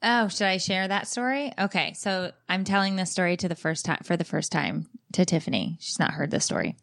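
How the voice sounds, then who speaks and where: Lively storytelling woman podcast host. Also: lowish voice, a little fast, gravelly. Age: adult mother. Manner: animated, comic storytelling with acted-out quotes. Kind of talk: casual chat.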